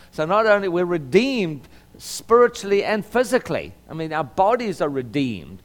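Pitched high with big swings, a middle-aged lawyer from Southern California preaches Bible lessons earnestly in sermon fashion. He tends to repeat words and pause with "um."

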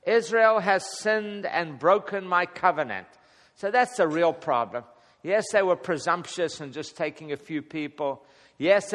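A man's voice: on the high side, fairly bright tone. A man teaching a casual Bible study to a small group, chuckling often and acting out the prayers he quotes. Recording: long hall reverb.

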